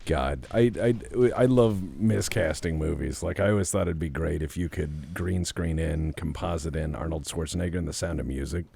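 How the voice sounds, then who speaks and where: A man's voice: extremely low pitch, moderate pace, creaky, few pauses, warm tone, breathy edge. A man riffing playfully and goofily in casual chat while playing a video game. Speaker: gaming podcast regular.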